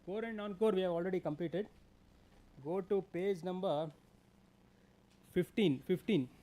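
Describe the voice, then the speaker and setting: A man with an Indian English accent giving a classroom lecture, halting with fillers and restarts and telling students what to underline. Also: high-pitched, dark tone. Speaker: lecturer on labour law. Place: lecture hall.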